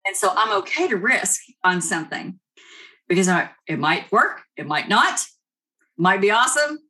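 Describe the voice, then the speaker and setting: A woman's voice: mid-range voice, sing-song, moderate pace, sharp tone. A woman with a Kentucky accent, chatting as a podcast guest, rambling and laughing often. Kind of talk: casual interview chat.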